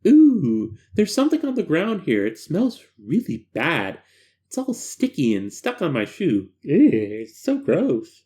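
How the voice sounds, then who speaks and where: A man's voice: fairly high pitch, wildly swooping pitch, a little slow, warm tone. A man voicing an uneasy young female test subject in a light, airy, wistful voice. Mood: disgusted.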